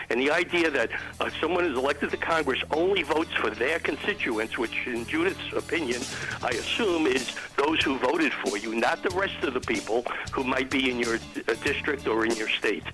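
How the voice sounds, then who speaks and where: A man calling in to a radio show, talking haltingly and often pausing on "uh" and restarting. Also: mid-range voice, pushed and bright, poor audio. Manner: halting, many ums and restarts. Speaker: caller. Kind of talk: phone-in opinion.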